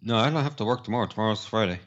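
Co-hosting a casual podcast, a man sounds exhausted and tells his stories in a dry, plain manner. His voice is on the low side and fairly bright, he talks at a racing speed, and the audio is dull.

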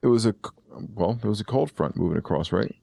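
Male host, low gravelly voice, rambling and self-correcting, dry close sound. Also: expressive, fast talker, mellow, no room sound. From eastern Pennsylvania. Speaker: podcast host. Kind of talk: casual chat.

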